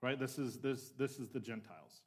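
A male pastor gives a conversational sermon, frequently checking in with the room as he swings from emphatic lines to quieter asides. His voice is husky and medium in pitch, at a normal speed.

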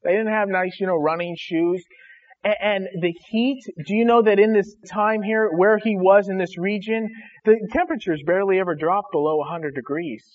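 A man's voice: high voice, normal speed, phone-quality sound. A man preaching a sermon, earnest and conversational, speaking directly to his congregation. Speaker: pastor.

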